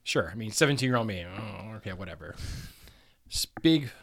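Lively, bright-voiced man telling a funny story. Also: lowish voice, brisk, vocal fry. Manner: animated, profane, laughing storyteller. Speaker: podcast host telling a story. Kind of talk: comedic anecdote.

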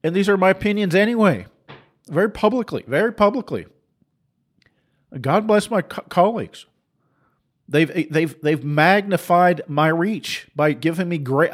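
A man's voice: high-pitched, normal speed. Fiery middle-aged man preaching his views. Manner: forceful, preachy, laughing asides, mocking voices. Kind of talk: impassioned monologue.

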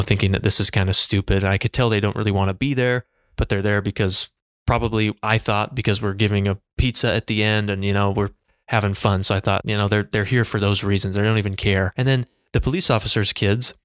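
Guy, low voice, dry close sound, just telling a story from his life, lots of okays and restarts. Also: no echo. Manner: earnest, conversational, frequent restarts and "okay" check-ins. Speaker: podcast host. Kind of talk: personal storytelling.

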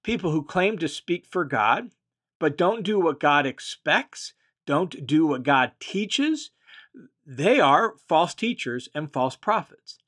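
Guy with a slightly high voice walking through bible verses, explains then says it again in other words, leans hard on the key bits. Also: very animated, slow, fairly bright tone. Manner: emphatic, leans on key phrases. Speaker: Bible teacher.

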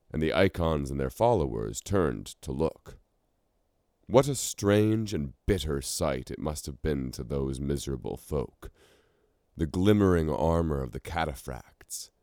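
Very deep, slow male storyteller. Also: vocal fry, dark tone, no room sound, studio quality. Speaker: narrator. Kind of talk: storybook reading.

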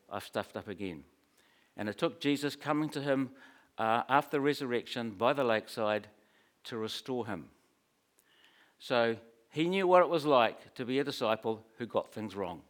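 A man preaching a sermon in a conversational, storytelling way, with humorous asides. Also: medium pitch.

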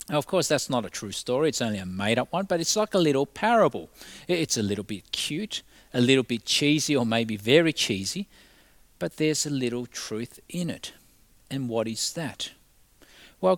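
Male pastor, sermon delivery, animated storyteller, dry close sound. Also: a little high, no echo. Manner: storytelling, acts out the voices in a parable; leads a quiet prayer.

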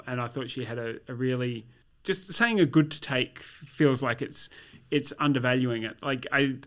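Thoughtful man, podcast co-host. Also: mid-range voice. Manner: thoughtful, hesitant, with false starts and dry asides. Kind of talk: casual conversation.

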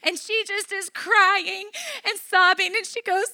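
Woman pastor, high voice, bright tone, animated storytelling sermon. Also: a little slow. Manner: animated storyteller, acts out dialogue.

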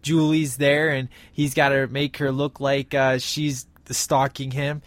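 A man's voice: mid-range voice, flat delivery, unhurried, no room sound. A man casually recapping his favorite film scenes, enthusiastic and rambling with many fillers. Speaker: film reviewer.

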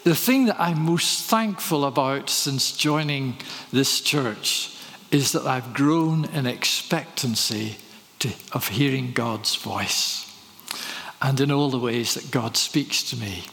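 A man's voice: medium pitch, takes it slowly, creaky, a bit bright. Preaching man in a reverberant hall. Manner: storytelling, rhetorical questions. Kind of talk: sermon.

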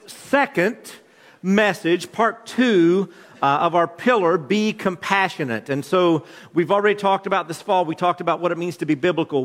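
A man's voice: high voice, a bit bright, in a large hall. A man in his thirties preaching a sermon, a pastor with a conversational, joking storytelling manner. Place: church hall.

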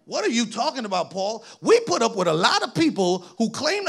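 A man preaching a sermon, reading scripture aloud and urging the congregation on, building to shouts. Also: very high-pitched, wildly swooping pitch, normal speed, gravelly, breathy edge. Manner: reads scripture aloud, asks congregation to read on, rising to shouts.

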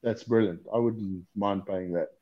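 A man's voice: on the low side, steady tone, normal speed. A man chatting casually as a podcast guest over a video call, swearing and joking. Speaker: guest knifemaker. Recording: dull lo-fi call audio.

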